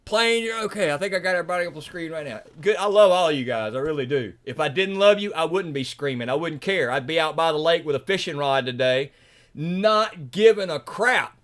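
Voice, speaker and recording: A high-voiced man with a Southern accent hosts a livestream from home. He rants with preachy fire and often breaks into shouting. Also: animated, brisk. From Mississippi, US. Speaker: livestream host. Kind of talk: ranting livestream commentary.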